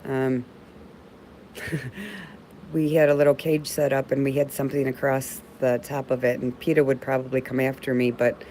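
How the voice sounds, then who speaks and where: A middle-aged woman runs a casual livestream chat, reading comments aloud and replying warmly and sincerely, with plenty of "babe." She speaks at normal speed in a level-toned bass voice. The audio is poor, with slight background noise.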